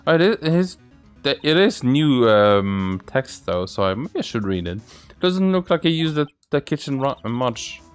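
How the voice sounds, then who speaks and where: A man's voice: sing-song, measured pace, clear, resonant tone, soft background music. A man hosting a let's play, reading the game's characters aloud in shifting voices. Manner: reads lines for several game characters with shifting pitch. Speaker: gaming channel host.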